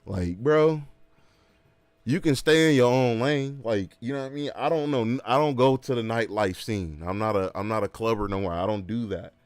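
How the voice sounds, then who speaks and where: A man's voice: mid-range voice, moderate pace, clear, resonant tone, dry recording. Emphatic man ranting casually on stream. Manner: animated, emphatic ranting with slang. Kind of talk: casual livestream chat.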